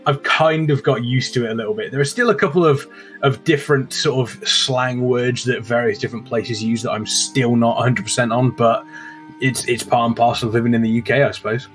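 A man's voice: mid-range voice, brisk, soft background music. Posh-sounding English man. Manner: relaxed, rambling, repeats words as he starts. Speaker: podcast guest. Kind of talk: casual podcast chat.

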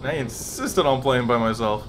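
A young man co-hosting a gaming video, giving fast, joking commentary full of swearing. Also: medium pitch, expressive, slight background noise. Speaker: gaming co-host. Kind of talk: casual gaming chat.

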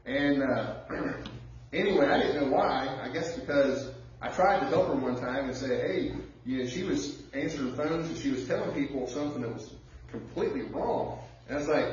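A pastor preaching a sermon in a conversational way, drawing out words for emphasis and telling personal stories. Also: male voice, medium pitch, expressive, moderate pace, a little hiss or hum. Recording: echoey church heard from far off, dull sound.

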